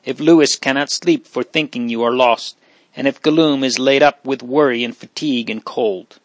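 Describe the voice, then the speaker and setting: A man voicing an impetuous, loyal teenage boy who speaks warmly. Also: medium pitch, steady tone, normal speed, dry recording, lightly acted. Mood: angry. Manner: impetuous, warm.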